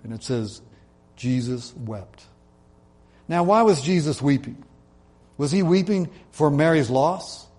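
Earnest man preaching, mellow voice. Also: mid-range voice. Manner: earnest, slows and drops his voice for emphasis. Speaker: pastor. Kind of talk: sermon.

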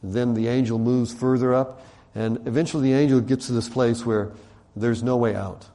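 A man delivers a sermon in a loose, conversational storytelling style. His tone is mellow and dark, and he animates the quotes and leans on casual fillers. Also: mid-range voice, steady tone, moderate pace. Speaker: preacher.

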